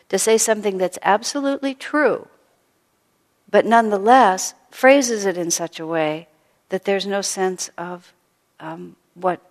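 A woman spiritual teacher giving a gentle storytelling talk to a live audience, full of soft asides. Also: mid-range voice. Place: hall with an audience. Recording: long hall reverb.

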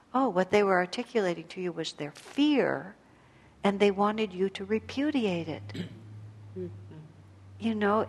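A woman with a medium-pitched voice and vocal fry gives an evening spiritual talk to a group, reflectively recounting personal stories and gently laughing at her own blunders. A long reverb tail follows her words.

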